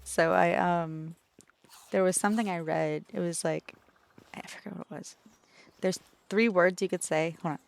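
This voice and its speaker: A woman's voice: fairly low pitch, fairly even intonation, moderate pace, creaky. A woman streaming as a VTuber, chatting casually and playfully with her viewers in a teasing, talkative way.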